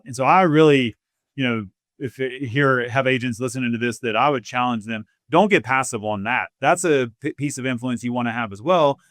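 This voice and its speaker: Male podcast host; relaxed, encouraging, filler-heavy, mid-pitched, dry close sound. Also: brisk, no room sound. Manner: casual, affirming, many fillers. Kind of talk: conversational interview.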